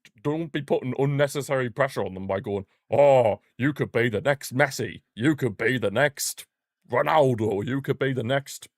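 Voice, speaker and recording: A man's voice: medium pitch, moderate pace, no echo. Male streamer, casual partisan football commentary, blunt trash talk, dry close mic. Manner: partisan, blunt, mocking the rival team. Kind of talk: casual live fan commentary.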